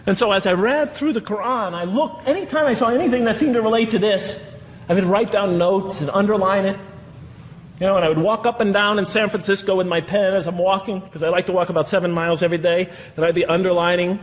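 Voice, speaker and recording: A man's voice: high-pitched, fast, slight background noise. Earnest man lecturing in an echoey hall. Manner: earnest, asks rhetorical questions. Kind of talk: public lecture. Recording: echoey hall, long reverb.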